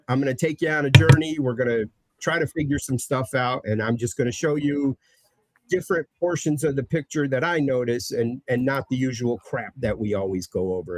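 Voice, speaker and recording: A man's voice: medium pitch, no room sound. Rambling storytelling man, dry sound. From Connecticut, USA. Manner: rambling, storytelling with many fillers. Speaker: guest presenter. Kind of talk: casual podcast chat.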